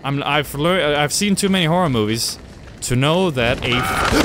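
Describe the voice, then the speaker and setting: A man's voice: fairly high pitch, lively intonation, a little slow, background noise. A young man commenting as he plays a horror game, screaming and swearing at the scares and joking to himself. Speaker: gamer playing a horror game. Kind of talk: let's play commentary. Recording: clear game music underneath. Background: game music and sounds.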